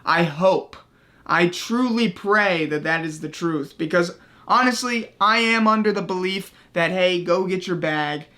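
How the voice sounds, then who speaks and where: A man's voice: high voice, unhurried, sharp tone. A man hosting his own commentary channel, ranting in a profane, exasperated way and tagging his points with a sarcastic "okay?". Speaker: commentary YouTuber.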